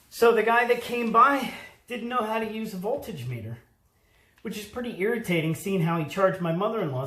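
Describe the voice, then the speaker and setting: High-voiced joking handyman. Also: fairly bright tone. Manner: jokey, rambling, emphatic lecturing. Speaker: handyman host. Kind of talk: casual DIY how-to video. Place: indoors in a home room. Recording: roomy echo.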